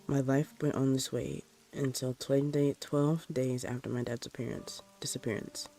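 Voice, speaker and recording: A man narrates a spooky first-person tale in a mellow, dark-toned voice. His delivery is plain and unhurried, with soft music playing faintly underneath. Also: medium pitch, steady tone, creaky. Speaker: storyteller. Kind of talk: reading a horror story aloud.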